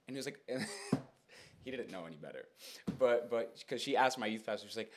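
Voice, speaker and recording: A young man hosting a podcast, telling a story in casual chat, animated and rambling with lots of fillers and repeats. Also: mid-range voice, brisk, a little hiss or hum. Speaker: podcast host.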